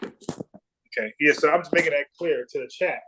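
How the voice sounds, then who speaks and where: A man's voice: on the high side, normal speed, background noise. A man from South Carolina hosting a livestream, talking bluntly and profanely, repeating words when he gets fired up. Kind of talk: casual heated debate.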